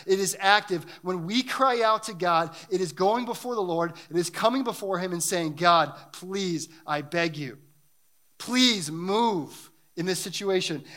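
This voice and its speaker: A man's voice: sits high, bright, forceful tone. A man preaching a sermon and reading scripture, talking in an earnest, emphatic way that builds in intensity.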